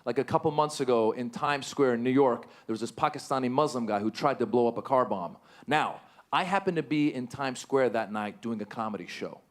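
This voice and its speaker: A man of Middle Eastern origin performing a stand-up comedy set on a live stage, animated and jumping to excited squeals on punchlines. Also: mid-range voice, fairly quick, few pauses. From Middle East.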